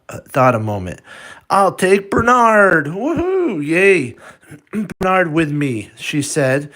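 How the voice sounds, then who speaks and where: Slow, halting man reading a storybook. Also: fairly high pitch, fairly bright tone. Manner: halting, with restarts and asides to the viewer. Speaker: storybook reader. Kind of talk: reading a picture book aloud with commentary.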